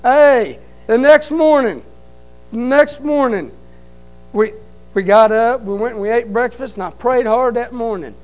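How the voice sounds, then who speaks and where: A man tells his church testimony in a very high, smooth voice, speaking in plain, folksy phrases that he repeats. He swings from loud, fervent cries to quiet, hushed stretches. Soft instrumental music plays faintly behind him. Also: measured pace, low-quality recording. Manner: fervent, rising to loud cries then dropping to a quiet hush. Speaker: church member giving testimony. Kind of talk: emotional testimony.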